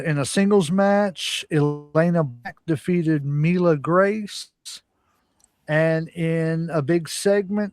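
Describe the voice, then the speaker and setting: A man's voice: fairly high pitch, dry recording, clean studio sound. A man co-hosting a podcast, casually reading weekly wrestling results with lots of "uh" fillers. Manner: reads results with frequent "uh" fillers. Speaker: podcast co-host.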